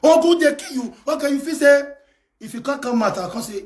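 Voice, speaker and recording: Ranting Nigerian man, high and wildly swinging. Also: lively intonation, fairly quick. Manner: shouting, scolding and taunting in Pidgin-laced English. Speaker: live video host. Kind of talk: angry ranting live stream. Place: abroad in France.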